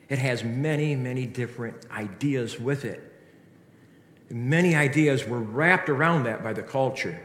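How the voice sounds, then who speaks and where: A man's voice: medium pitch, measured pace, fairly bright tone. Man preaching in an echoey hall. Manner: earnest preaching with rhetorical questions and frequent restarts. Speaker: pastor. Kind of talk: sermon.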